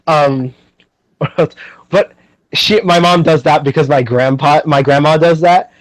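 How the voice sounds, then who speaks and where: A man's voice: on the high side, dry recording, low-quality recording. A young man hosting a podcast, chatting casually and animatedly, with lots of fillers and frequent laughter. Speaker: podcast host.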